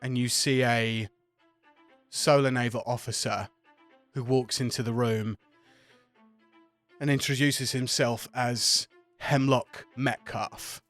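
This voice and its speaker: A man's voice: medium pitch, steady tone, takes it slowly, pauses often, a bit bright, soft background music. A man narrating a tabletop game as game master, loose and descriptive.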